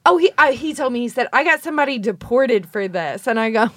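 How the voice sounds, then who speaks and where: A woman with a fairly high voice tells long, rambling stories in a blunt, profane way, acting out the people in them. The sound is dry and close. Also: animated, quick pace, no room sound. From Kentucky. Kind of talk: casual storytelling chat.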